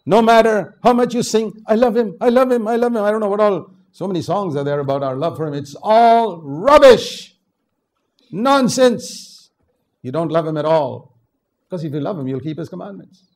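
An older man from India preaching a sermon, swinging from low asides to loud, emphatic exhortation. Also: animated, normal speed.

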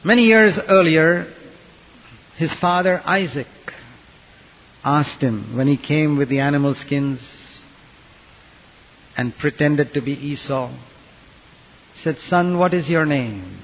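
A man preaches earnestly, dropping to a hush and then rising to loud, dramatic peaks. His fairly high voice rings through a long hall reverb, and the recording sounds dull and muffled. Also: takes it slowly, pauses often. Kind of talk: sermon.

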